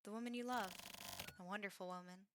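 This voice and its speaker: Woman reading as a soft-spoken coaxing young woman. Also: mid-range voice, fairly even intonation, quick pace, background noise, natural voice. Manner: soft, hushed, patient coaxing. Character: gentle young woman coaxing, calm and soothing.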